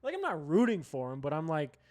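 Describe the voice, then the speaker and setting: A man from Colorado hosting a casual sports show, talking in a slightly high voice. He rants bluntly and swears freely. His sentences restart and repeat as he pushes his point. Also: huge pitch swings, brisk, darkish tone. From Colorado, USA. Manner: profane, blunt, ranting with heavy swearing; restless, restarts and repeats himself.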